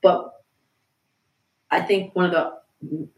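Chill woman musician on a podcast, lowish voice, bit of room echo, drops swears and jokes around. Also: steady tone, slow pace. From United States. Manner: laid-back, swearing, storytelling with impressions. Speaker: musician guest. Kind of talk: casual interview chat.

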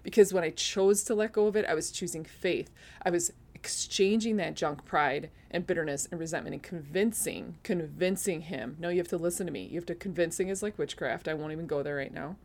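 A woman with a lowish, darkish voice talks fairly quickly, barely pausing. Hosting a podcast, she gives a heartfelt faith testimony, tearful in places and laughing at herself in others.

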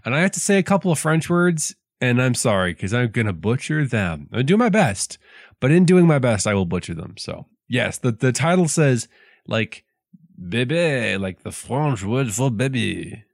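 A man who teaches high school English, talking in a casual podcast chat, wordy and self-deprecating, often pausing on ums. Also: very animated, no room sound, clean studio sound.

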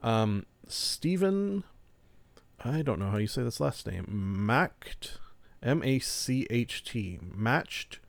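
A man's voice: mid-range voice, big pitch swings, slow, creaky, no room sound. A man hosting a solo podcast, reviewing films and shows in a casual, rambling way, often restarting and chuckling. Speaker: podcast host.

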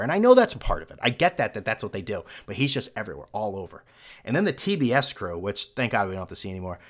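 A man's voice: on the low side, a bit bright. A young man hosting a solo podcast, rambling sarcastically from topic to topic with lots of fillers. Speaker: podcast host. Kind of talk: casual solo podcast rant.

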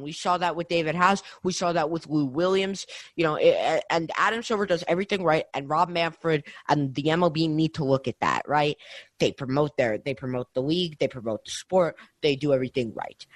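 A man's voice: fairly high pitch, fairly quick, dry recording. A young man co-hosting a casual sports podcast, ranting with heat and repeating himself. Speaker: podcast co-host.

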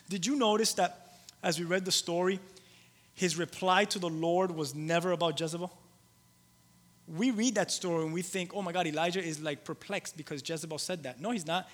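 A man delivers a sermon as pastor, sometimes loud and emphatic, sometimes soft and low as he tells stories, with halting starts over and phrases said again. The hall's long reverb is audible throughout.

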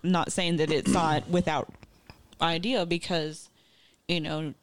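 A woman's voice: deep voice, fairly even intonation, slow pace. A woman in casual podcast chat, talking hesitantly with lots of fillers and restarts.

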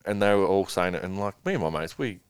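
A man's voice: deep voice, expressive, fast talker, clear, resonant tone, dry recording, studio quality. A young man casually telling a long rambling story as a guest, swearing freely.

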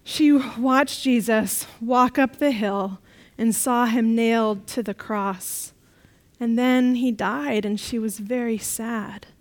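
A woman leading a children's talk in a church service, telling a story in a playful, animated way and getting the kids to repeat refrains. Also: fairly high pitch, takes it slowly, low-quality recording.

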